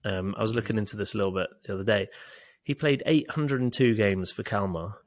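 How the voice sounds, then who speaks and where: A young man co-hosting a casual chat podcast, rambling and jokey with lots of fillers. His voice sits low with a gravelly edge. The sound is close and dry, with no room echo. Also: fairly quick. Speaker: podcast co-host.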